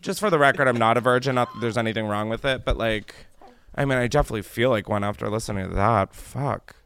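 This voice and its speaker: A man hosting a podcast in casual chat, joking and animated, his voice jumping from loud squeals down to low mutters. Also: quick pace, clear, resonant tone, dry recording. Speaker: podcast host.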